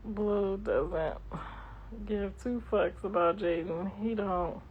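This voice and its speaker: A woman's voice: medium pitch, takes it slowly, slight background noise. A middle-aged woman hosting a livestream, chatting casually and reading comments in a blunt, profane, sassy way. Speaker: livestream host. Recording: dull lo-fi livestream audio.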